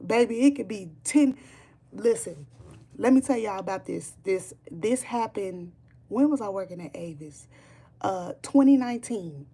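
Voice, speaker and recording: Woman, gravelly fry, casual livestream chat, emphatic, repeats herself, swears. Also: medium pitch, animated, measured pace, warm tone. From Chicago, Illinois. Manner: emphatic, repetitive, swearing freely. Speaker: streamer chatting with viewers.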